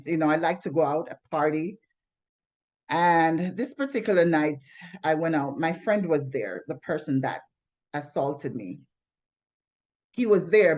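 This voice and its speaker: A woman's voice: deep voice, a little mellow. A woman telling her personal testimony in an earnest, plainspoken way, often restarting her sentences. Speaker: testimony sharer. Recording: slightly dull lo-fi recording.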